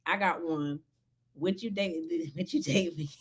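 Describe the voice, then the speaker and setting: A woman's voice: fairly low pitch, measured pace, crowd noise. A woman co-hosting a casual chat, laid-back, laughing along and asking questions. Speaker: podcast co-host.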